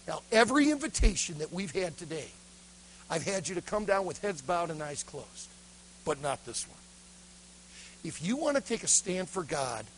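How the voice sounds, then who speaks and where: A man preaching a sermon to a youth conference, telling a story dramatically and swinging between loud praise and hushed intensity. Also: a little high, a little hiss or hum, low-quality recording.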